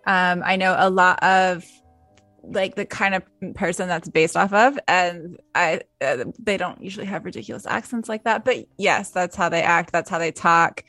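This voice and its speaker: A woman's voice: fairly low pitch, moderate pace, a bit bright, dry recording, soft background music. A woman co-hosting a casual movie-review podcast, chatty and full of "like" fillers, laughing easily. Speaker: podcast co-host.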